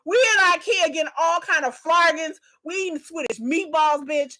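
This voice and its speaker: A woman's voice: very high-pitched, normal speed, pushed and bright. A woman doing a live reaction stream, delivering a profane comedic rant. She swears constantly, repeats lines for emphasis and keeps breaking into laughter.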